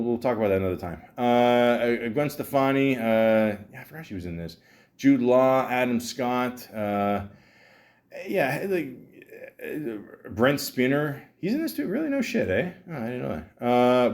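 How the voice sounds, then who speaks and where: A man hosting a podcast, reviewing movies in a rambling, excitable monologue, swearing freely and restarting his sentences often. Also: mid-range voice. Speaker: podcast host.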